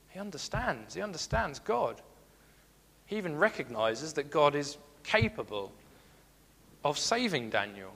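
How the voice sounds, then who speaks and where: A man's voice: fairly high pitch, very animated, measured pace, creaky, fairly bright tone. Man preaching in an echoing hall. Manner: earnest, repeats key phrases, reads scripture aloud. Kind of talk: sermon.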